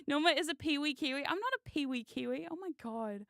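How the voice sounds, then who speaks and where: A woman streamer chatting casually on a live stream, excitable and giggly, swearing freely. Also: high voice, fairly quick, few pauses, no echo, clean studio sound. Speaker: VTuber streamer.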